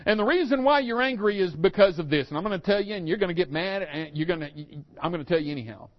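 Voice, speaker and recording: A pastor preaching a sermon, acting out the story's characters with rising and falling intensity. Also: male voice, high-pitched, animated, quick pace, lo-fi sound.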